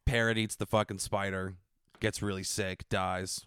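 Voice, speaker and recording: A man co-hosting a podcast in casual chat, with a deadpan, sardonic, cynical manner. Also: deep voice, normal speed, clear, resonant tone, no echo, clean studio sound. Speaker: podcast co-host.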